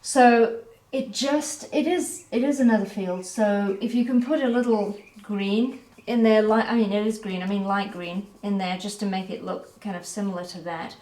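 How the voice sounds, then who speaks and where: A woman giving a relaxed, chatty painting critique as an art teacher, correcting herself as she goes. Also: mid-range voice, normal speed, few pauses. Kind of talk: painting critique, talking while pointing. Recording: echoey room.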